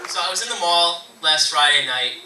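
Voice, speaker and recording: A man's voice: a little high, lively intonation, a little fast, pushed and bright, faint music behind, some chatter behind. Young man doing stand-up in an echoey room. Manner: loose storytelling, acts out voices for punchlines. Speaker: stand-up comedian. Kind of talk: stand-up comedy set. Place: comedy venues, in front of a live audience. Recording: echoey room, distant mic, noisy.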